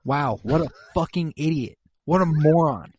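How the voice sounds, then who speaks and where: A man's voice: fairly high pitch, animated, moderate pace, crowd noise. Profane young male podcast co-host. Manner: casual and profane, quoting characters in mock voices. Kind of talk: casual episode recap.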